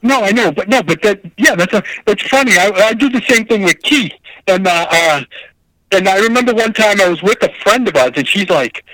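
A man in casual chat, lively and quick to laugh. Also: sits high, no room sound, low-quality recording.

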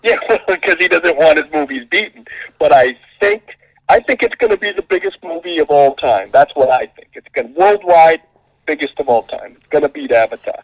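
A man co-hosting a casual podcast, gushing excitedly about a movie. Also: fairly quick, dry recording, rough recording. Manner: excitable, gushing, jumps in pitch. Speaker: podcast co-host.

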